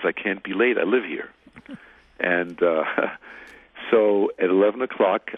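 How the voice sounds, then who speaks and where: Deep-voiced older man telling a story. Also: vocal fry, breathy edge, no echo. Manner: rambling, animated retelling with quoted dialogue. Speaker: interview guest. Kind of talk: anecdotal storytelling. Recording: tinny phone-like line.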